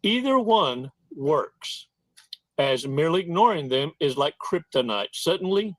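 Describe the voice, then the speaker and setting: A man's voice: a little high, no echo. A man hosting a casual monologue in a folksy, slangy manner, stretching words out for emphasis. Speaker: host.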